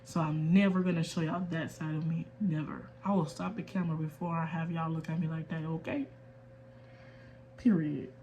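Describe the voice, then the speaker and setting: A young woman from the US in her twenties talks candidly to camera in a personal rant. She speaks quietly and holds back emotion, then turns firm and emphatic. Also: sits low, little pitch movement, moderate pace, dull audio, a little hiss or hum. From United States. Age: 20s. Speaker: vlogger.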